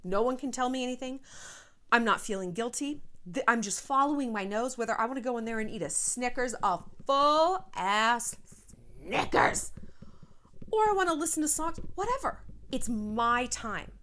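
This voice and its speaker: A woman giving frank, animated life advice in a casual vlog, a little short of breath and sighing now and then. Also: fairly high pitch, brisk. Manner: frank, animated, swears, slips into quoted voices.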